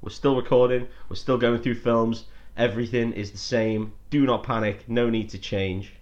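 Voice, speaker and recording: A man's voice: medium pitch, level tone, normal speed, darkish tone, dull audio. A man co-hosting a casual film podcast from a messy room at home, joking and laughing as he rambles. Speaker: podcast co-host. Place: home room, self-recorded.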